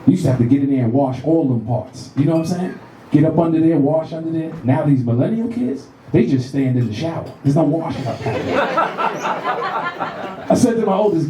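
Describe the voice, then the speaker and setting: A man in his thirties doing a profane, animated stand-up set in a comedy club, acting out voices as he tells stories. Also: a little high, fairly quick, crowd noise. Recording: roomy club sound from a distant mic.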